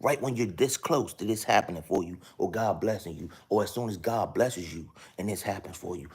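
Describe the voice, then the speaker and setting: Deep, husky male live-stream host, earnest casual preaching, repeats and calls on the audience. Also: a little fast, few pauses, a little mellow. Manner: earnest, repetitive, keeps asking viewers to follow along. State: talking softly at times so his sleeping kids stay asleep. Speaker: live-stream host sharing a spiritual message.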